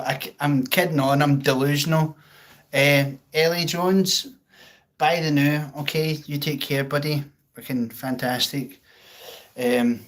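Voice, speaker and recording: Slow-talking Scottish man chatting on stream. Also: medium pitch. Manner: chatty, self-mocking, swears freely. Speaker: livestream host. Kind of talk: casual chat reading out viewer comments.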